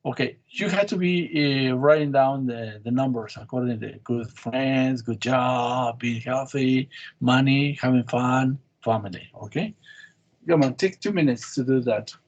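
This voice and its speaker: A man's voice: mid-range voice, unhurried, lo-fi sound. A man teaching an English class, quizzing students on spelling with short, patient prompts. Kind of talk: online class drilling spelling.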